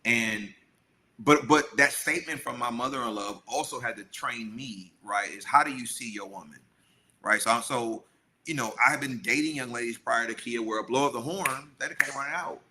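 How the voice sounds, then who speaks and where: A man's voice: mid-range voice, normal speed, sharp tone, slight background noise. A middle-aged man co-hosting a podcast, telling a story in casual chat and acting out the people he quotes. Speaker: podcast co-host.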